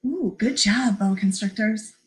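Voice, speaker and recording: Her voice sits in the mid range and she takes her time as she reads a picture book to little kids. This woman librarian sounds sing-song and encouraging, adding animal sounds and addressing the young audience, captured on a livestream camera microphone.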